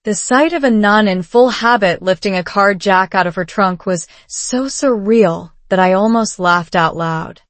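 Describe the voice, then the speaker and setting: A woman narrating a first-person story slowly and clearly, for learners. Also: mid-range voice, no echo. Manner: slow, clear reading for learners. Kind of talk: slow scripted story narration.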